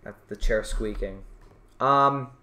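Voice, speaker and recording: A man's voice: fairly low pitch, slow, very noisy. A man performing a self-written stand-up routine for his channel, rambling with many restarts. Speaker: vlogger doing stand-up.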